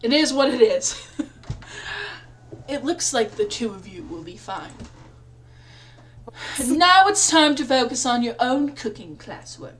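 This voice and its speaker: Giggly high-voiced young woman streamer. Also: expressive, measured pace, long pauses, a bit bright. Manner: giggly, rambling, self-mocking. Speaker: let's play streamer. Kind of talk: reading a visual novel aloud with chat.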